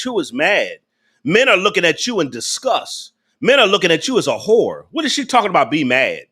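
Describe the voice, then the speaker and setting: A man's voice: high voice, pushed and bright, husky. A man hosting a live reaction stream, ranting in an angry, preachy and profane way. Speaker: host of a live reaction channel.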